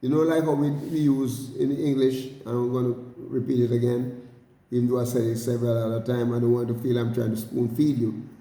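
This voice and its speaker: A man teaching a bible study, speaking haltingly with many repeated words and addressing his listeners as brothers and sisters. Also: mid-range voice, level tone, warm tone. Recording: roomy hall with long reverb.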